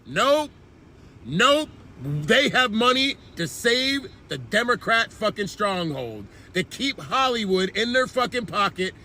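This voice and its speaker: A man's voice: high-pitched, big pitch swings, slow pace, pushed and bright, slight background noise. A man hosting an online commentary channel, delivering a heated, profane political rant.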